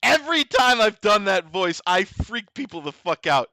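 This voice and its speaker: A man rambles through a goofy, profane stream chat, his voice hoarse from a sore throat. He talks high and bright, swinging up and down a lot, in a dry, close recording. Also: very animated, moderate pace, no echo. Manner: goofy, profane, laughs often. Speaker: vtuber host. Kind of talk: casual chat.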